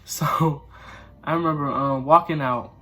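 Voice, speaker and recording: A man's voice: fairly high pitch, steady tone, measured pace, bright, forceful tone, soft background music. A young man telling a casual storytime, rambling and slangy with lots of fillers. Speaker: vlogger.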